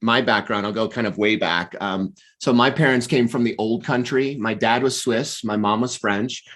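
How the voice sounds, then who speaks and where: A middle-aged American man, a coach and author, tells his life story as a guest in a casual interview, his pacing animated and full of restarts. He speaks at medium pitch and a normal speed.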